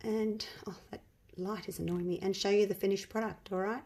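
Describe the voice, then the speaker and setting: Woman vlogger, croaky voice, chatty and thinking out loud, mid pitch, talks to viewers while crafting at home. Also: fairly even intonation, brisk, slight background noise. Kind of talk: casual chat while crafting.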